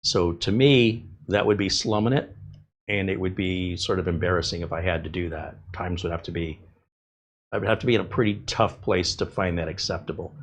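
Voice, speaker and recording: A middle-aged tech host chats casually while working on a computer build, his low voice moving fairly quickly. He rambles off on tangents, conversational and full of fillers.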